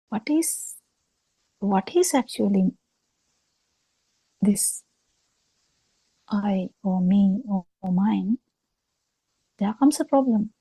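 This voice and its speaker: A woman giving a Buddhist talk over a video call, speaking slowly with halting pauses and fillers. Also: on the high side, dark tone, husky, no echo, poor audio. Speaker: Buddhist teacher.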